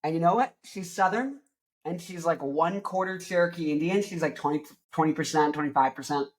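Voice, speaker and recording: A young man hosting a rock show, joking and rambling loudly, with crude asides. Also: fairly high pitch, fairly quick. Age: young adult. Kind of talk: rambling comedic music talk.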